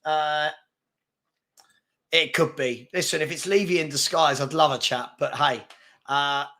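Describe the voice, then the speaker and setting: Bloke hosting a live football chat, gravelly, bright punchy voice, brash. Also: male voice, fairly high pitch, steady tone, measured pace. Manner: chatty, brash and combative with trolls. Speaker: host of a live fan chat show. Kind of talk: casual live-stream chat reading comments.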